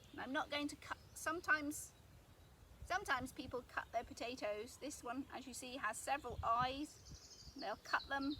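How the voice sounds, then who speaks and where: A woman gardening vlogger from the UK, explaining her potato planting in a chatty, casual way while working outdoors. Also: high voice. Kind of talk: casual outdoor how-to vlog. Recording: outdoor noise, birds and clicks.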